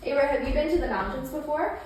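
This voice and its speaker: A woman's voice: high voice, animated, fast, a little mellow, slight background noise. A woman and mother leading her child through a yoga session, playful and encouraging, imitating animal sounds as she goes. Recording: very echoey room, mic at a distance.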